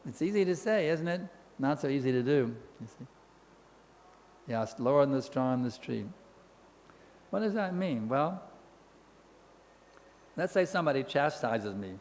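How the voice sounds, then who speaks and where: Gravelly man lecturing in an echoing hall. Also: mid-range voice, lively intonation, moderate pace, pauses often, a little mellow, a little hiss or hum. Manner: storytelling, acts out voices and chants, playful repetition. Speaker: lecturer on scripture. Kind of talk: animated scripture lecture.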